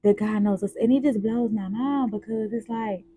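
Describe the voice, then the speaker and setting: A young woman speaking, hosting a casual spoken devotional with animated, repetitive, preacher-like emphasis and rhetorical questions. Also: a little high, moderate pace, husky. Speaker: host journaling aloud on faith.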